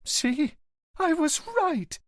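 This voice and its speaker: Senhora idosa siciliana, emotiva e insistente, na voz de um homem, tom alto e suplicante, som seco. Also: male voice, sing-song, measured pace, creaky, dry recording, clean studio sound, exaggerated voice. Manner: high, pleading, tearful outbursts. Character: elderly Sicilian headmaster's wife, emotional, insistent.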